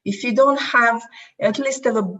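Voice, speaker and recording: A woman's voice: a little high, moderate pace, a bit bright, recorded from a distance, muffled recording. A woman speaking as a guest in a casual chat, reflective and earnest.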